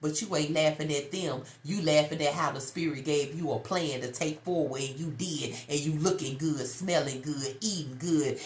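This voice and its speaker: A woman's voice: sits low, normal speed, hardly any pauses. A woman doing a casual tarot reading for viewers, slangy and emphatic, calling the listener baby. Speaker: tarot card reader. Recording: echoey room, faint noise.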